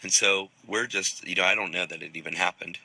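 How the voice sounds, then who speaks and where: A man's voice: low-pitched, steady tone, brisk, creaky, sharp tone, slightly rough, dry recording, poor audio. A man who teaches the Bible, telling a story casually and rambling a little, with frequent restarts.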